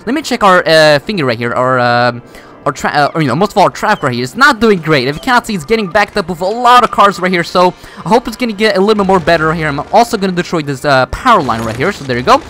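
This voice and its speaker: A man's voice: high-pitched, lively intonation, fast, sharp tone. A man giving casual gameplay commentary, rambling with many fillers and restarts while he builds. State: voice cracks. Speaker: gaming YouTuber.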